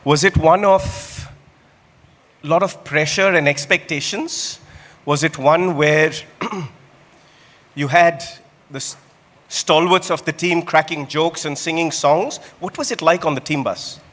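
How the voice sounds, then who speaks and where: A man's voice: a little high, slow pace, a bit bright. A man hosting an awards show, teasing his guests with playful questions. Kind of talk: stage interview. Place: large indoor awards hall. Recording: reverberant hall.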